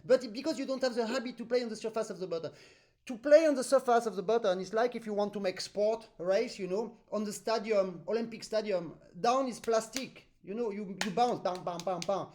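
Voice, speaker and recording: A man's voice: high-pitched, a little fast, darkish tone. A man with a French accent teaching accordion over a video call, patiently explaining with vivid comparisons and singing out rhythms. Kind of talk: online master class.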